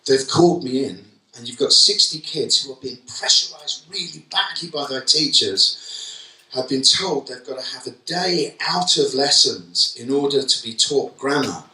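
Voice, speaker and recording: Bright-toned Cockney man keynote speaker. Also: mid-range voice, normal speed, recorded from a distance. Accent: London Cockney. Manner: humorous storyteller, acts out quotes. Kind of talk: conference keynote talk. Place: conference hall. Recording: echoey hall, voice from afar.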